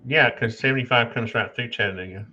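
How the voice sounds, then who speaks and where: Bright-voiced man host on a muffled call. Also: mid-range voice, quick pace, breathy edge. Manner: helpful, chatty, easygoing. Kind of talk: casual chat.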